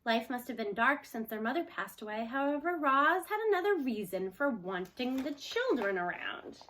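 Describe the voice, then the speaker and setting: Bright-voiced woman reading aloud. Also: high voice, very animated, moderate pace. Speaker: storyteller. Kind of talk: reading a children's book aloud.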